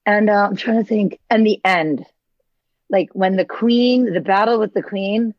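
A woman co-hosts a podcast, sharing an animated story in casual conversation and breaking into laughter along the way. The recording sounds dull and lo-fi, with a dry, close feel and no room echo. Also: medium pitch, measured pace. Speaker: podcast co-host. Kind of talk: casual chat.

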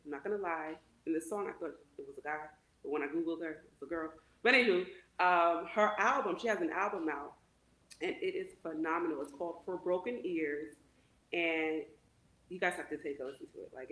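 A chatty woman co-hosting a casual podcast in an echoey room. Her voice sits on the low side for a woman, and she fills her talk with "like". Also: a little fast, a bit bright. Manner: chatty, full of "like" and fillers. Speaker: co-host.

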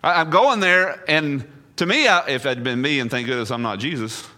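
Male pastor, sermon delivery, bright forward tone, throws questions at the congregation, drops low then climbs to emphatic peaks. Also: brisk. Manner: rhetorical questions, swinging between hushed and emphatic.

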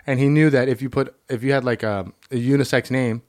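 A man co-hosting a casual movie review chat, talkative and quick to laugh. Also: mid-range voice, fairly even intonation, a little mellow, no room sound, studio quality. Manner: chatty, laughs often, uses dude. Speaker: podcast co-host.

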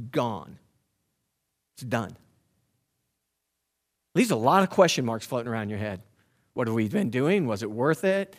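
A man, a pastor giving a sermon, talking in a conversational, heartfelt way that builds to emphatic preaching. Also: medium pitch.

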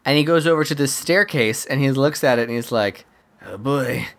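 A co-host recapping a film scene by scene in a relaxed, chatty way. The voice sits at a middle pitch, and the speaker slips into quick impressions of the characters and laughs along the way. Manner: chatty storyteller, acts out quotes, laughs often. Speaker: podcast co-host. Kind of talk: casual movie recap.

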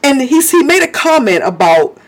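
A man's voice: very high voice, very animated, normal speed. A man preaching a sermon in a fervent way, often stopping to praise, speak in tongues and laugh.

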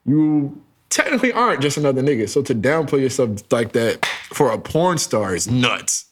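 A man's voice: mid-range voice, sing-song, normal speed. A young man co-hosting a podcast in casual chat, laid-back and blunt, with frequent chuckles. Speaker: podcast co-host.

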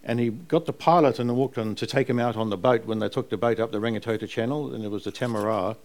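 A man's voice: medium pitch, quick pace. An older man with a New Zealand accent, an author telling family anecdotes on stage in a rambling way and laughing as he goes. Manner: animated, rambling anecdotes, laughing while he tells them. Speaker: author interviewed about a family memoir. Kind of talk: live on-stage conversation, storytelling.

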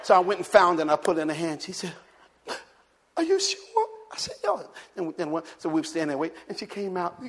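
A male pastor preaching a sermon, telling a chatty story full of restarts and rising to shouted calls for the congregation to repeat. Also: on the high side, racing, hardly any pauses. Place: church. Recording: long hall reverb.

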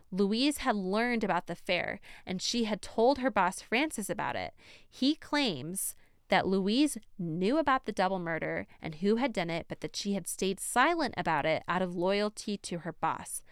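A woman's voice: medium pitch, expressive, a little slow, clear, resonant tone, no room sound, studio quality. A young woman hosting a true crime podcast, telling the story in a chatty, casual way with frequent laughter and emphatic asides.

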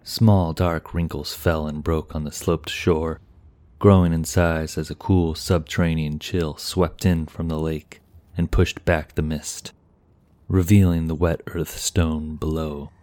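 A man narrating a fantasy audiobook in a slow, even, measured way. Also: low voice.

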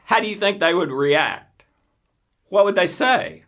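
Slow, bright-voiced man teaching earnestly. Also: high voice, animated. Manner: earnest, asks rhetorical questions. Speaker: Christian teacher. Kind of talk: faith-based teaching talk.

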